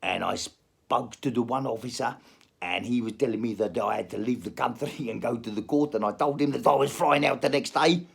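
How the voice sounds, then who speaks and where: A podcast host tells a crude story on his own show, a rambling comic monologue packed with swearing and leaps between put-on accents. His mid-range voice is gravelly with a breathy edge, and he talks briskly.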